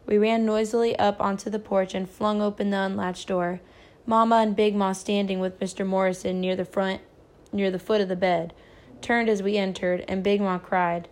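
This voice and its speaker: A woman reads a novel aloud in a steady, clear narrating voice. Her pitch sits in a middling range for a woman. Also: normal speed. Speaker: reader.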